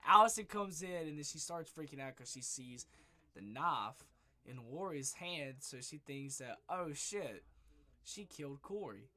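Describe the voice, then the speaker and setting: Male reviewer, slightly high voice, excitable, profane, hoarse. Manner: excited, profane, rambling retelling. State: losing his voice. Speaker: movie reviewer. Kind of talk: casual spoiler review monologue. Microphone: webcam.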